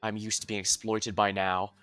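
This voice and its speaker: A man's voice: lowish voice, little pitch movement, moderate pace, fairly bright tone, clean tone, faint music behind, voice pushed down, natural voice. A man voicing a weary, proud young male musician who answers in a dry, cutting, sardonic way, reading a game's story aloud. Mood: bitter.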